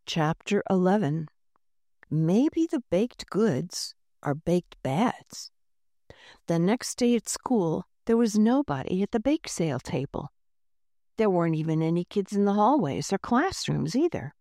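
A woman narrating a children's storybook aloud with an expressive delivery. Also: lowish voice, measured pace, dry recording, clean studio sound.

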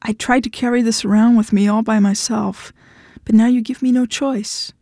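A woman's voice: fairly high pitch, fairly even intonation, normal speed, mellow, dry recording, clean studio sound, lightly acted. A woman voicing a clingy, volatile man who pleads with a cracking voice, reading a story aloud. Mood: desperate.

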